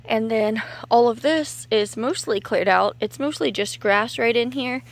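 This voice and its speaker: A woman's voice: on the high side, a little slow. A woman in her thirties, a little out of breath, chatting and thinking aloud as she films her yard work outdoors on a handheld camera. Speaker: homesteading vlogger. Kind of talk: casual outdoor vlog narration. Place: outdoors in a yard clearing brush.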